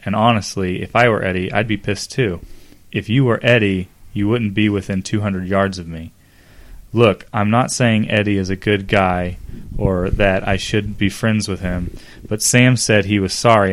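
Man, low voice, comedic dramatic reading, podcast host, acts out dialogue. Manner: reads dramatically, breaks into laughter and asides. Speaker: podcast host reading fan fiction aloud.

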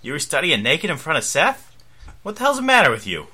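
A man's voice: on the low side, sing-song, normal speed, sharp tone, pitched below the performer's own voice, exaggerated voice. A man reading fan fiction aloud and voicing a wry, easygoing father. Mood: quipping. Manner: wry, quipping. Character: easygoing joking adult dad Sandy.

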